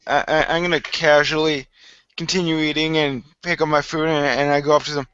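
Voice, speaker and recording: A man's voice: fairly high pitch, level tone, a little fast, fairly bright tone, clean tone, dry recording, lo-fi sound. A man playing a tabletop game, speaking casually and wryly about his character. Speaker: player.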